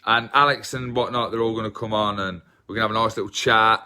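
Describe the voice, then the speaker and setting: A man's voice: on the low side, steady tone, quick pace, sharp tone. An English man with an English accent chatting casually with viewers on a livestream, self-deprecating and rambling. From England. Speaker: livestream host.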